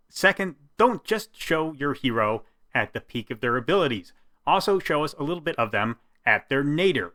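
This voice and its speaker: Man delivering a commentary review, bright voice, steady explanatory pace. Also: mid-range voice. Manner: measured, explanatory critique. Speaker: commentator, stage actor. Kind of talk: commentary vlog.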